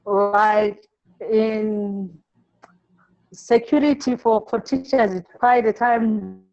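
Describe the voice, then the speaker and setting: A woman teacher from Zimbabwe, answering an interview by telling classroom stories in a halting way, repeating words and acting out the pupils she quotes. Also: mid-range voice, fairly even intonation, a little mellow, highs cut off.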